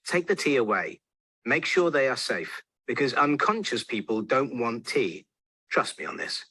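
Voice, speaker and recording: A man gives a wry, patient explainer narration, his pitch swinging freely as he leans on repeated points. His tone is bright and a little husky. The sound is close and dry. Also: sing-song, unhurried, dry recording. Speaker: video narrator.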